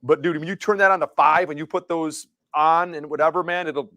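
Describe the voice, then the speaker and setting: A man's voice: fairly high pitch, steady tone, brisk, bright, forceful tone, dry recording. Rambling middle-aged man telling a story. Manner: rambling storyteller, many restarts. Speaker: co-host. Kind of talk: casual live show banter.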